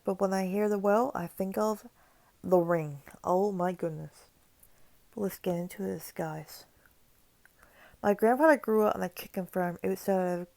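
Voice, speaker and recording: A woman narrating a horror story for her channel, her voice gravelly and mellow with a fairly flat delivery. The sound is dry and close. She stumbles on words here and there and slips in casual asides. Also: fairly low pitch, no room sound. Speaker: creepypasta narrator. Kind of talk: reading a horror story aloud.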